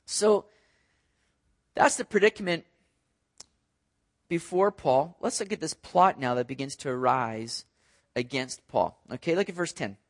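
High-voiced man preaching. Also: measured pace. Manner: conversational, animated, repeats words. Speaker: pastor. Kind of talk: expository sermon.

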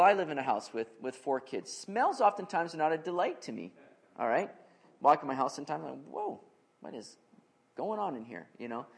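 A man in his thirties preaching an expository sermon in an earnest, conversational way, with family stories as asides. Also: a little high. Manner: earnest, animated in anecdotes. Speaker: pastor.

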